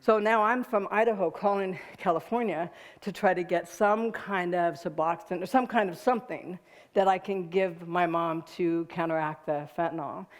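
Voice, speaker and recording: A woman's voice: lowish voice, normal speed. Woman telling a story with frequent laughs. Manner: conversational, checks in with listeners. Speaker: guest speaker. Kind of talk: personal storytelling talk to an audience.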